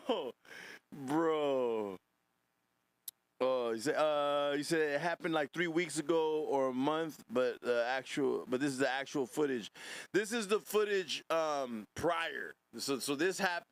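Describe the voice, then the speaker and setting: A man's voice: mid-range voice, measured pace. A man hosting a podcast, reacting to clips in casual commentary, laughing often and swearing.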